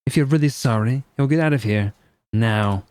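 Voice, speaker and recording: A man's voice: medium pitch, moderate pace, a little mellow, smooth, no echo, natural voice. A man voicing a cool young female student detective who speaks curtly and commandingly. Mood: stern. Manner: curt, cold, commanding.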